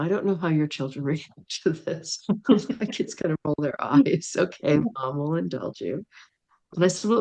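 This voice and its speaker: A woman's voice: rumbling low, a little mellow. A middle-aged woman, a podcast guest, telling a personal story in an interview, acting out the dialogue and laughing often. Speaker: podcast guest, dream worker.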